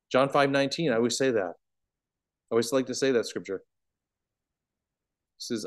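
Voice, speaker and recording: A man leads a bible study in a lively teaching voice of middling pitch. He stresses key words, rising loud and then dropping to hushed asides. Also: brisk. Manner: animated, emphatic, swings between loud and hushed.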